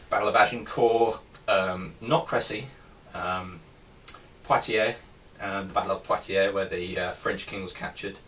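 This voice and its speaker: A man with a lowish, slightly bright voice casually shows off his helmet collection, hesitating with lots of ums and restarts. The mic is distant and faint background noise can be heard.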